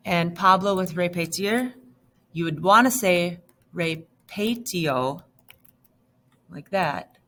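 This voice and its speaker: A woman's voice: lowish voice, fairly bright tone. A woman teacher explaining grammar step by step in a patient, recorded lesson. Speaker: Spanish teacher.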